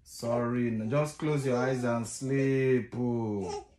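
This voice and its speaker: A man's voice: medium pitch, fairly even intonation, slow, mellow. A young man with a Nigerian accent, a father filming himself at home as he coaxes his baby daughter to sleep, pleading and playfully scolding and repeating words over and over. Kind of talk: casual home vlog talk.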